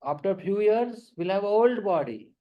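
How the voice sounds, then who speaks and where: A man giving a spiritual talk, slow and emphatic, often questioning his audience. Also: high voice, expressive, muffled recording. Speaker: spiritual lecturer. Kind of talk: sermon.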